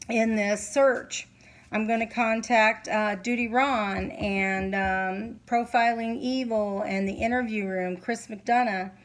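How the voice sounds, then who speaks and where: Middle-aged woman, sleepy psychic reader at home; earnest, halting delivery, a touch high. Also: low-quality recording. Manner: earnest, halting, many fillers. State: sleepy, yawning. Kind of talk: casual monologue to camera. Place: home, candles lit.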